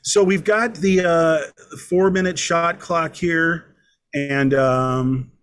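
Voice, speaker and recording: A man's voice: a little high, fairly even intonation, slow pace, fairly bright tone. A man co-hosting a podcast, chatting loosely about a movie, rambling and laughing often. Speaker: podcast co-host. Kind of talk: casual movie chat.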